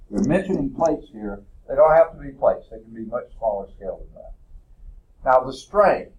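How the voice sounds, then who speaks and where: A man's voice: mid-range voice, animated, moderate pace, a little mellow, highs cut off, a little hiss or hum. A male college science instructor giving a classroom lecture, explaining step by step and often checking in with "okay?". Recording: roomy echo, voice from a distance.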